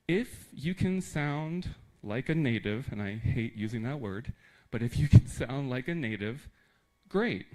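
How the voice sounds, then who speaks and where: A man from the United States giving a conference talk to teachers in a lively, emphatic way with joking asides. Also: medium pitch, rough recording. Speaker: teacher trainer.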